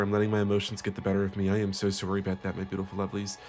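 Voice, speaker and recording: A man's voice: low voice, completely flat delivery, very fast, a little mellow, soft background music. A man hosting a comedic parody tarot reading, sugary and melodramatic with frequent swearing. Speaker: tarot reader host.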